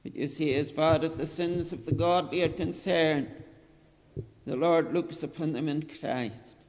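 A man preaching a sermon, earnest and deliberate, repeating his phrases and rising to emphatic pleading. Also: fairly high pitch, a little mellow. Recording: dull lo-fi recording with long hall reverb.

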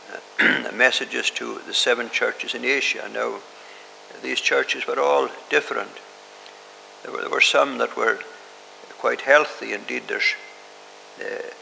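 A man preaching a sermon in a measured way, pausing often with hesitations. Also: medium pitch, vocal fry, sharp tone. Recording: hissy recording in a reverberant hall.

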